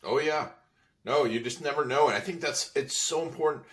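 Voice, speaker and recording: A man's voice: fairly high pitch, fairly quick, fairly bright tone. A man hosting an interview in casual chat, agreeing and asking follow-up questions. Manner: agreeable, short affirmations. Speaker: podcast host. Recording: distant from the mic.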